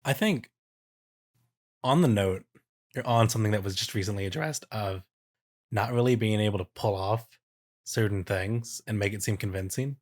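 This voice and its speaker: Man, podcast co-host, lowish voice, rambling, hesitant. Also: normal speed, pauses often. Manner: rambling, hesitant, many restarts. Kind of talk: casual podcast discussion.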